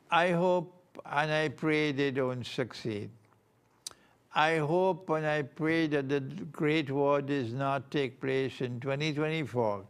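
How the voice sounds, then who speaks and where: An older man giving an Islamic lecture on world affairs, speaking in slow, deliberate, emphatic phrases. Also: mid-range voice, smooth. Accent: Trinidadian. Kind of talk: measured religious lecture.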